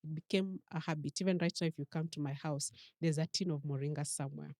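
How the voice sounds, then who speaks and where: A Kenyan woman with a low, deep-set voice tells a personal story as a podcast guest. She acts out the voices of the people she quotes. The sound is dry and close. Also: steady tone, quick pace, a little mellow, no echo. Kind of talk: storytelling interview.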